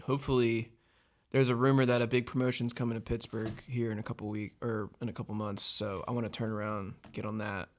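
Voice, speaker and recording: A male MMA fighter talks as a guest in a casual podcast conversation. His speech is relaxed and loose, full of fillers and easy laughter. His voice sits at an ordinary middle pitch. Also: a little fast.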